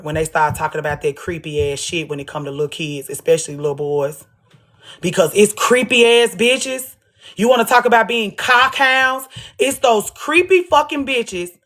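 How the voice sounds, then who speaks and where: Speaking in a mid-range, slightly bright voice, this livestream host talks off the cuff from her home. She swears a lot, stays blunt, and keeps hammering the same points over and over.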